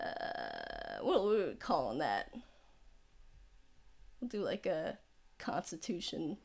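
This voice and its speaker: A woman narrating as game master in a casual tabletop game, relaxed and chatty with many fillers. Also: low-pitched, slow pace, pauses often, husky.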